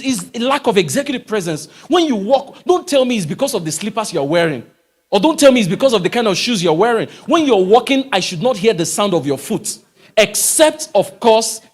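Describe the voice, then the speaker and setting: Brief: lively male speaker, high and swooping, emphatic, quizzes the crowd. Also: breathy edge. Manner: emphatic, animated, asks rhetorical questions. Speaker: motivational speaker. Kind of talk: live talk to a church audience. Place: church hall, live audience.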